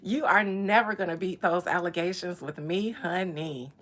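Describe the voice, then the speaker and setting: A woman's voice: lowish voice, normal speed, few pauses, fairly bright tone. A woman vlogger in casual chat, joking playfully and laughing often.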